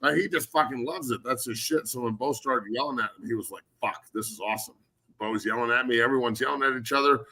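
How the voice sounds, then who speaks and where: Bright, blunt-talking man hosting sports talk. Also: medium pitch, quick pace, gravelly, few pauses. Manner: blunt, animated, heavy swearing. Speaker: podcast host and former football player. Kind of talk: casual profane sports talk.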